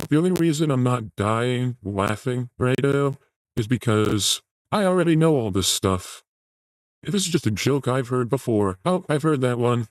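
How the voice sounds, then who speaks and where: A man hosting a comedy show, reacting to news and clips with deadpan, profane sarcasm. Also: mid-range voice, dry recording, low-quality recording. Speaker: show host.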